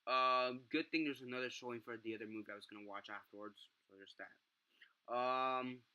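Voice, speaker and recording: Bright-voiced young man ranting. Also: mid-range voice, steady tone, fairly quick, clean tone, muffled recording. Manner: profane, exasperated ranting with many fillers and restarts. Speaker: vlogger reviewing a film. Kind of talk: casual ranting review.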